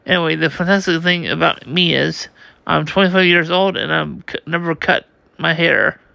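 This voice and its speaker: A man's voice: on the high side, gravelly, bright, forceful tone, no echo, exaggerated voice. A man reading as a boastful ape pirate boss. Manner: slow, halting reading with restarts.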